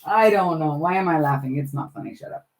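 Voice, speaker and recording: A woman's voice: low-pitched, a little fast, a little mellow. A middle-aged woman hosting a casual crafting livestream, chatting with viewers by name while she works on her journals. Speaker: livestream host.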